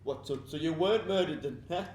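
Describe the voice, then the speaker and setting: A man's voice: on the high side, brisk, a little mellow, reverberant, slight background noise, lightly acted. A man playing a blunt, mocking landlord. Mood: dry. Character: blunt local pub landlord, wisecracking, unimpressed. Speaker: actor. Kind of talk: stage play acting.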